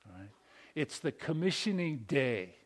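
A man preaching a sermon, reading scripture and acting out quotes with rising, pleading intensity. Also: a little slow. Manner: animated preaching, climbs high and loud on quotes. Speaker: pastor.

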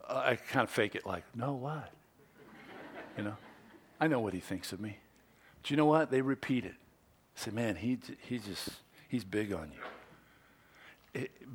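A middle-aged man preaching a Father's Day sermon in a conversational way, with homey asides and hushed, tender moments. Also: mid-range voice. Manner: conversational preaching with quoted asides, dropping to soft whispers. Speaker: pastor.

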